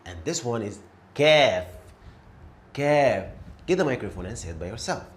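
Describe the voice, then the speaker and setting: A man teaching a beginner lesson, repeating each letter clearly and encouraging the learner. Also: medium pitch, sing-song, a little fast, a little hiss or hum. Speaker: Arabic teacher.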